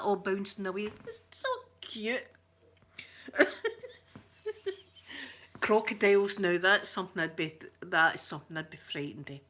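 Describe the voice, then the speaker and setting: Chatty Scottish woman, rambling and giggly. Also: mid-range voice. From Scotland. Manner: rambling, giggly storytelling with soft asides. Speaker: ASMR channel host. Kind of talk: chatty livestream talk.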